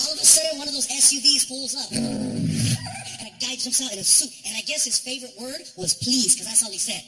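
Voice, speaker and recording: A man in his thirties performing stand-up comedy, telling stories in an animated way with exaggerated voices. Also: very high-pitched, brisk, faint music behind, poor audio. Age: 30s.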